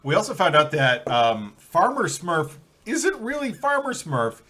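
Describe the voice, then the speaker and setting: Lively, bright man at a game table. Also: fairly high pitch, measured pace. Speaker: player. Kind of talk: casual comedy game chat.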